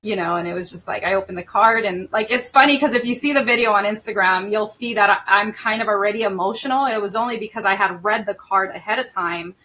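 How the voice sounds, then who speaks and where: A middle-aged woman hosts a casual podcast, talking in a bright, clear voice. She is emotional and laughs easily, and she fills her sentences with "like" and "you know.". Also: mid-range voice, fast talker, few pauses. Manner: emotional, laughing often, many fillers. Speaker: podcast host. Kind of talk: casual chat.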